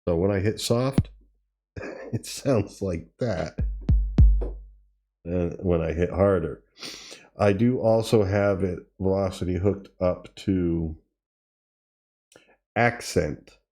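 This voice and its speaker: A man hosting a tutorial, casually demonstrating gear and thinking aloud with pauses and self-corrections. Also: low-pitched, music in the background. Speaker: tutorial host. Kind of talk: casual demo while playing. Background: drum machine sounds he is playing.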